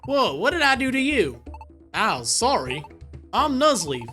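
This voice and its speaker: A woman's voice: fairly high pitch, big pitch swings, measured pace, a bit bright, faint music behind, voice pushed up. Woman doing a folksy leaf-creature guide. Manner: drawling, homespun sayings. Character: folksy country-talking male leaf creature, helpful guide. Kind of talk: reading game dialogue aloud.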